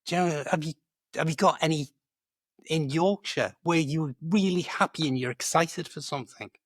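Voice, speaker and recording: A man who coaches English, chatting in a lively, animated way about British expressions, laughing easily and often saying "do you know". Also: fairly high pitch, moderate pace, dry recording, clean studio sound.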